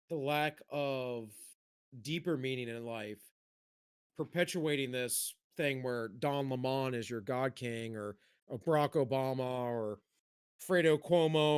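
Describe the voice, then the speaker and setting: A man's voice: on the high side, smooth. A man co-hosting a casual podcast chat, talking in a rambling way with many restarts. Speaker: podcast co-host.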